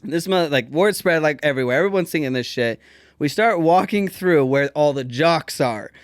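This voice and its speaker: A young man hosting a podcast, telling high school stories in casual chat, animated and full of swearing, loudly acting out quotes. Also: normal speed, smooth, dry recording, clean studio sound. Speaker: podcast host.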